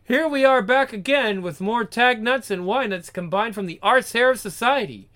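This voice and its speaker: A reader reading an absurd comic aloud, playful and deadpan. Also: mid-range voice, moderate pace.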